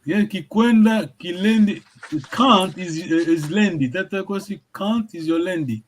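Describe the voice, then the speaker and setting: A man's voice: sits high, measured pace, a little hiss or hum. A man teaching a language lesson, encouraging his students and often checking that they follow.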